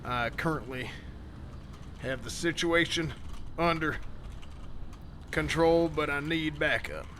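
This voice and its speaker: A man's voice: sits high, big pitch swings, fast talker, bright, forceful tone, slight background noise, exaggerated voice. A man doing a blustering sheriff. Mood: reporting. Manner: bellowing, folksy exclamations, calls everyone son. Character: blustering older male small-town sheriff. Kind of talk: live-streamed game role-play.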